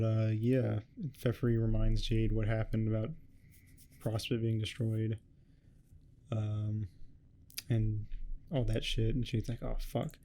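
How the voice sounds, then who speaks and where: Low mellow guy, kinda monotone, cussing his way through a comic recap, rambly and offhand. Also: a little hiss or hum. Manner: swears a lot, rambling and offhand; voices the characters in quick offhand quotes. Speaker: host. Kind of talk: casual comic recap commentary.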